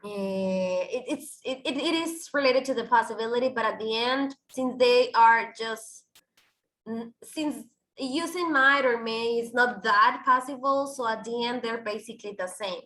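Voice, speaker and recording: A woman's voice: a little high, unhurried, sharp tone. Woman teaching in an echoey room. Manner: explains with many restarts and fillers, switching into Spanish. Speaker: English teacher. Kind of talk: online class explanation.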